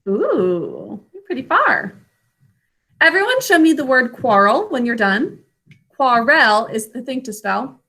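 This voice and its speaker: A woman teaching an online spelling lesson to children, speaking slowly and clearly. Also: high-pitched, big pitch swings, pushed and bright. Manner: slow, clear enunciation for children.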